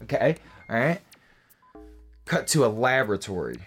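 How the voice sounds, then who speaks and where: A man's voice: medium pitch, big pitch swings, moderate pace, slightly rough, faint music behind. A man telling a made-up story casually and profanely, tagging lines with "right?". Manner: profane, fillers and "right?" tags.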